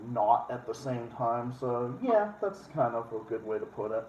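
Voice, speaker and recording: A man's voice: mid-range voice, very animated, normal speed, darkish tone. A man from Massachusetts with a New England accent, hosting a casual stream chat, talking bluntly, rambling and swearing freely. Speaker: streamer host. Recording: echoey room, dull sound, faint noise.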